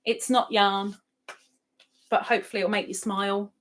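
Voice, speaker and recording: A woman's voice: medium pitch, little pitch movement, moderate pace. A woman hosting a casual live stream, chatting and reading out viewer comments with frequent laughs. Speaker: livestream host. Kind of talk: casual live-chat talk.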